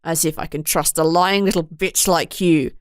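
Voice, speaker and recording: A woman's voice: deep voice, fairly even intonation, normal speed, dry recording, studio quality, lightly acted. A woman voicing a brutal, raging middle-aged father who snarls threats. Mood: menacing.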